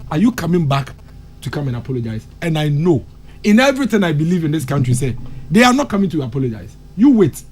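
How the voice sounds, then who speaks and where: A man's voice: on the high side, sing-song, quick pace, husky. A Ghanaian man with a Ghanaian accent commenting on a morning radio talk show, impassioned, switching between English and Twi and repeating phrases for emphasis. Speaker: radio discussion panelist.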